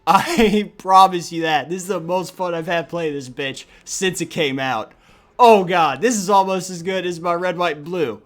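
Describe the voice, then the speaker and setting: A young man giving crude, joking commentary over a card video game, swinging from low mutters to loud cheering. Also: a little slow, faint music behind. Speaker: gaming YouTuber. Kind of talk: profane gameplay commentary.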